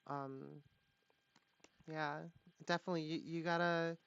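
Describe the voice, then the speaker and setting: Low-voiced woman giving a tarot reading. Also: steady tone, a little hiss or hum. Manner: halting, full of fillers and restarts. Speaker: tarot reader. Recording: dull lo-fi, dry sound.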